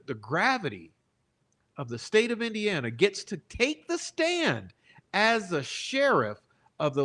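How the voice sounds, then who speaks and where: A man's voice: on the high side, a bit bright. A man hosting true-crime commentary, reading out trial testimony and arguing emphatically, often asking "okay?" and "right?" to press his point. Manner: emphatic, rhetorical, seeks agreement with repeated "okay?" and "right?"; deliberate, stretches key words for emphasis. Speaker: channel host and commentator.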